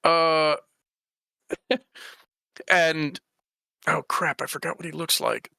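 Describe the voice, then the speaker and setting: Gravelly bright-voiced male game master. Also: a little high, steady tone, takes it slowly, no echo. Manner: rambling, laughing, voicing characters. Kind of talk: narrating a tabletop game.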